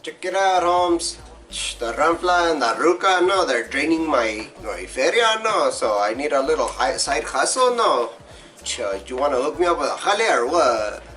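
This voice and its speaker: A man's voice: fairly high pitch, very animated, moderate pace, a bit bright, far from the mic, voice pushed up. A man voicing a swaggering young homie, slangy and cocky. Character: swaggering young male cholo-style homie.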